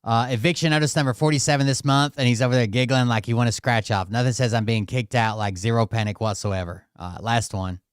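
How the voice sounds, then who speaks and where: Host guy roasting someone, smooth voice, dry close sound, deadpan and snarky. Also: medium pitch, fast talker, few pauses, no room sound. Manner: mocking, deadpan, swears casually. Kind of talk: sarcastic reaction commentary.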